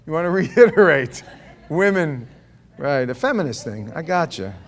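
A middle-aged man preaching a sermon, reading scripture aloud and breaking off into animated, conversational asides and jokes. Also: fairly high pitch, normal speed. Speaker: pastor.

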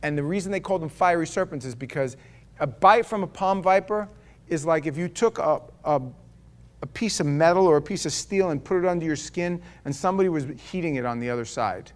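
High-pitched guy preaching, goes loud then drops real quiet, throws questions at the crowd. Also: fairly quick. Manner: emphatic, swinging between loud declaration and quiet, low asides; rhetorical questions to the congregation. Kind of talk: sermon.

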